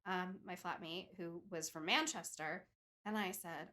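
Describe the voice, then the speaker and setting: A woman's voice: lowish voice, measured pace, pushed and bright. A young woman co-hosting a podcast, telling a story in a chatty way with lots of "like" and "um". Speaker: podcast co-host telling the case. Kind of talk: casual chat.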